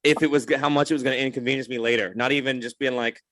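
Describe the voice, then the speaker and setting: A man co-hosting a podcast in casual chat, joking and easygoing with quick quips. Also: mid-range voice, steady tone, a bit bright, no room sound. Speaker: podcast co-host.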